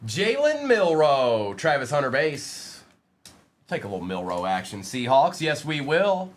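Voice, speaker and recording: A man's voice: mid-range voice, very animated, unhurried. A man hosting a live-streamed trading card break, reading out player names and bantering with the chat in a playful way.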